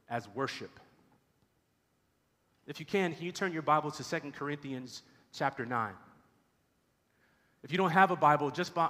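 Pastor preaching in a reverberant hall. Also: male voice, medium pitch. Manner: storytelling, animated voices for characters. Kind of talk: sermon. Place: church sanctuary.

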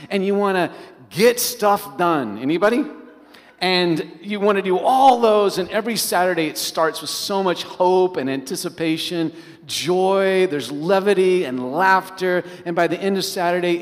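A middle-aged man, a pastor, preaching a sermon as an animated storyteller who keeps asking the congregation questions. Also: high-pitched. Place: large church hall. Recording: long reverb of a large hall.

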